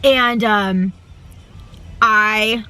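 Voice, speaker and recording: A young woman talks straight to her camera from the seat of a parked car, her voice bright and forward. She gushes freely, chatting between bites and often talking with her mouth full, in a relaxed, loose vlog style. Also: medium pitch, drawn-out words, clean tone, soft background music. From United States. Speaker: travel vlogger. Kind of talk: casual chat to camera while eating.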